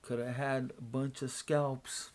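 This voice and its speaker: A man streaming his trading session, thinking aloud in a casual, unhurried way with pauses and restarts, sleepy and yawning. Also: mid-range voice, level tone, darkish tone. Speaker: day trader streaming a live trading room.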